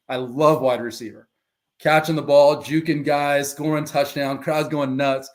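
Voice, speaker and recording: A middle-aged man recounts his story on a podcast in a candid, lively way. He slips into quoted dialogue as he talks. His voice sits at an ordinary middle pitch. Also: moderate pace. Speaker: guest, former pro football player and life coach.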